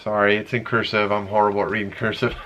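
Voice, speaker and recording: A middle-aged man casually chatting as he opens fan mail, earnest and emotional, halting with many fillers and reading letters aloud slowly. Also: on the low side, flat delivery, a bit bright. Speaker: vlogger opening fan mail. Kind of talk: casual chat.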